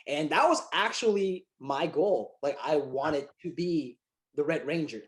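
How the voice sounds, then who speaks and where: A man, a filmmaker and actor guest telling stories in a casual interview, excitable and animated, with many fillers and restarts. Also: fairly high pitch, measured pace.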